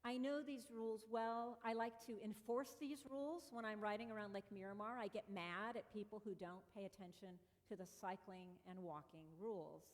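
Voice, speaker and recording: A woman pastor giving a conversational storytelling sermon who acts out her own exclamations. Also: mid-range voice. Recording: long reverb of a church hall.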